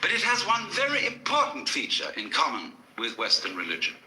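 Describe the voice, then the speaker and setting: A man's voice: fairly high pitch, huge pitch swings, a little fast, pushed and bright, echoey room, slight background noise, low-quality recording. A man giving a public lecture to a live audience, telling stories in a wry manner with dry asides.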